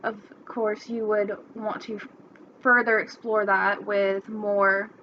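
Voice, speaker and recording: A young woman presenting a class assignment, reading a fairy tale in a friendly, unhurried way, in a slightly muffled recording with faint hiss. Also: medium pitch, little pitch movement. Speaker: student presenter.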